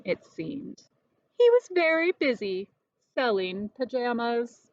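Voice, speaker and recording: A woman reads a storybook aloud with a lively, expressive delivery, her voice fairly high for a woman. The recording is dull and dry, with no room sound. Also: no room sound.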